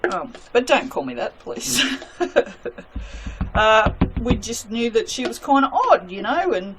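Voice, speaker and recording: Slow, chatty woman soap maker. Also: a little high, expressive, noisy background. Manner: chatty, self-mocking, talks to herself as she works. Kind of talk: casual chat while making soap.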